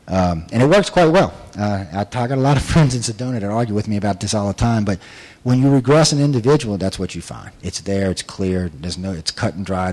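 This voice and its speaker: Rambling, emphatic man with a low voice. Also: darkish tone, rough recording. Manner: rambling, emphatic, frequent restarts. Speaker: abduction researcher and regression investigator. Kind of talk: casual talk to an audience.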